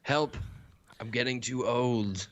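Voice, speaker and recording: A man's voice: medium pitch, slow, fairly bright tone, dry recording, lo-fi sound. A man co-hosting a podcast in casual chat, making dry, teasing remarks. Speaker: podcast co-host.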